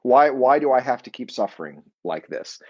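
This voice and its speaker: A man leading a weekly Bible study lesson, talking conversationally and pausing to explain terms. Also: medium pitch, very animated, dull audio.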